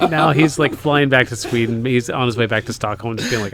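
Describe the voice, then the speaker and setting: A man's voice: medium pitch, quick pace, hardly any pauses, crowd noise. A man co-hosting a podcast, teasing his friend and laughing. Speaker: co-host. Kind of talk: casual podcast chat.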